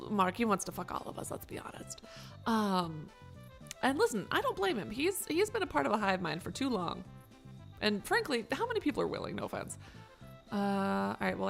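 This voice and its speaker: A woman streams a game and chats loosely with her viewers, cursing freely as she reacts. Her pitch leaps around with a gravelly fry underneath. Faint game music plays in the background. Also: sing-song, brisk. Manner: chatty, swearing, reacting to chat. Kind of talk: casual gameplay live stream.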